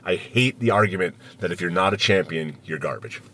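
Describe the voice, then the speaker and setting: A man's voice: deep voice, expressive, fairly quick, bright, forceful tone, slight background noise. A man co-hosting a casual sports podcast as a hockey reporter, emphatic and opinionated, talking from a parked vehicle outside an arena.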